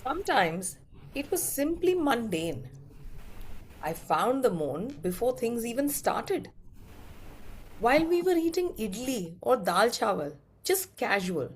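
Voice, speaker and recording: A woman's voice: on the high side, heavily acted. A woman playing an earthy, teasing lover of women. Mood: casual, soft. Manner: soft, casual telling, mimicking regional cries. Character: earthy, playful woman who revels in pleasuring women. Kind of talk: stage monologue performance.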